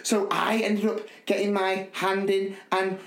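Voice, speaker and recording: Young male podcast host, lively rambling teller, slightly high, roomy sound. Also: unhurried. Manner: animated, laughing storyteller, rambling with restarts. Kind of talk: casual storytelling chat. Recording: echoey room.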